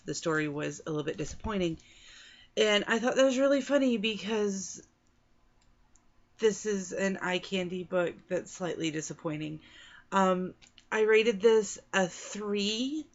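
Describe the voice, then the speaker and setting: A young woman casually reviewing books on her vlog, talking in a chatty, rambling way with fillers and restarts. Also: fairly low pitch. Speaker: book reviewer. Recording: dull lo-fi sound.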